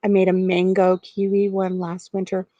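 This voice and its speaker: A woman's voice: mid-range voice, monotone, normal speed, dark tone, no echo, muffled recording. A middle-aged woman chatting casually on a live stream from outdoors on her farm porch, giggling and talking to viewers by name.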